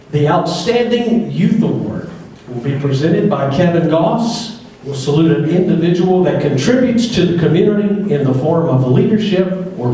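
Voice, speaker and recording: A man's voice: on the high side, mellow, recorded from a distance, a little hiss or hum. A man emceeing an awards banquet, folksy and joking as he tells a long joke to the room. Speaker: master of ceremonies. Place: banquet hall. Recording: echoey banquet hall, mic heard from afar.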